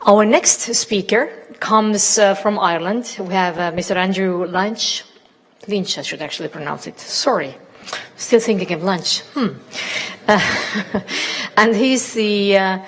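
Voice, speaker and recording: A woman moderating a business forum panel, introducing speakers in a chatty way with fillers and light asides. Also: mid-range voice. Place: conference hall. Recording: long reverb of a large hall.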